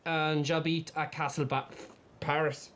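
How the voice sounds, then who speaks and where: A sheepish, sly Irishman stumbling through fake French , played by a man in a comedy sketch. His voice sits fairly high and halting. A light hiss sits behind him. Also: little pitch movement, fairly bright tone. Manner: hesitant, muddled fake French.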